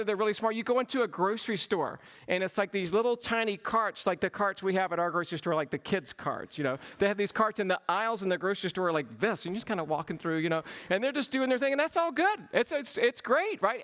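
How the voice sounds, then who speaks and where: A man's voice: high-pitched, animated, fast, hardly any pauses, fairly bright tone. A middle-aged man with a Southern US accent from Georgia, preaching a sermon in a folksy, humorous storytelling manner. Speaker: pastor.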